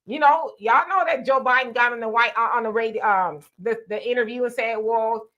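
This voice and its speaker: A woman with a bright, forward voice, pitched a little high, hosting a live discussion. She talks loosely and conversationally, drops in fillers and quotes people in quick asides. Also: dull audio. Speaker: host. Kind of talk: casual political commentary.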